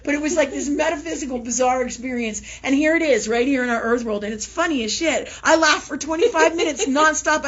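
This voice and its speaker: A woman's voice: on the high side, breathy edge, lo-fi sound. A woman hosting a live spiritual talk show, telling a story casually with lots of swearing and laughter. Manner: profane, laughing storyteller, animated.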